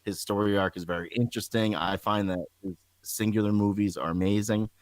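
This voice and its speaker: Male podcast host, lowish voice, dry close sound, laid-back and joking. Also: brisk, dry recording, poor audio. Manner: relaxed, profane, joking. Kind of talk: casual podcast chat.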